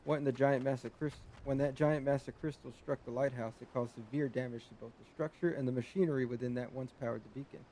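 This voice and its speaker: A man's voice: mid-range voice, steady tone, fast talker, hardly any pauses, mellow, a little hiss or hum, natural voice. A man reading the lines of a polite, worried male lighthouse guard in a video game, formal and explanatory.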